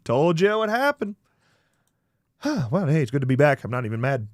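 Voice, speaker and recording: A man hosting a casual livestream, ranting profanely about a failed stream, swinging from mutters to shouts. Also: a little high, sing-song, normal speed, no echo, studio quality. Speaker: livestream host.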